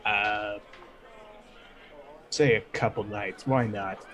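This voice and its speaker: A man's voice: on the low side, steady tone, slow pace, fairly bright tone. A man playing a tabletop game with a dry, offhand manner. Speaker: player. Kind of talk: casual tabletop play.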